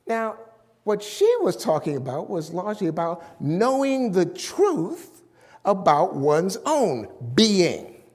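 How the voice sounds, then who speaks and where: A man's voice: sits high, big pitch swings, slow, a little mellow, in a large hall. A middle-aged man preaching a sermon as a minister, emphatic and drawing out his key words.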